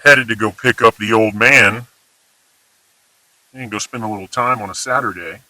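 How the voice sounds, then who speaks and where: A man's voice: on the low side, normal speed, pushed and bright, no echo, rough recording. A man from Houston with a Texan accent, talking in an emphatic, rambling, casually profane monologue. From Houston, Texas. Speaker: vlogger.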